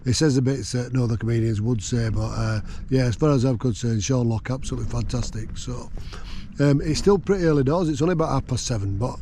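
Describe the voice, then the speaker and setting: A man's voice: medium pitch, fast talker, mellow, a little hiss or hum. A man chatting casually from his tent while wild camping, rambling with lots of fillers. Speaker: vlogger. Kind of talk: casual outdoor chat. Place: tent on a windy hill.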